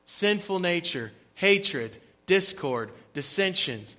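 A man preaching a sermon as pastor, with emphatic, rhythmic repetition and sudden drops into quiet asides. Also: high-pitched, animated, takes it slowly. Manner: emphatic preaching, rising and dropping volume for effect; repeats phrases in a rhythmic cadence.

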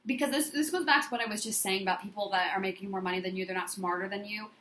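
A woman's voice: mid-range voice, very fast, a bit bright, echoey room, slight background noise. A woman business coach giving an emphatic, repetitive motivational monologue in affirmation style.

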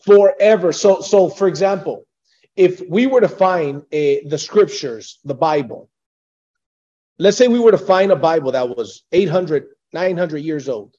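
A man's voice: fairly high pitch, animated, measured pace, warm tone. A man hosting a casual discussion, prompting his guest with leading questions. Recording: dull lo-fi sound.

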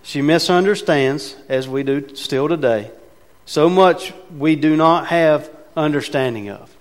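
A man's voice: a little high, unhurried. A man preaching a sermon from the pulpit, talking conversationally and with emphasis, asking his congregation rhetorical questions. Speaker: pastor. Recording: long reverb of a large hall.

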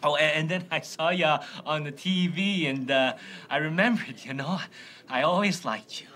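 A man's voice: on the high side, normal speed, bright, forceful tone. An actor playing an awkward, lonely man who stammers through apologies in a film scene. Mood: nervous. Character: awkward lonely middle-aged man confessing to an old schoolmate. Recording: film audio with faint ambient noise.

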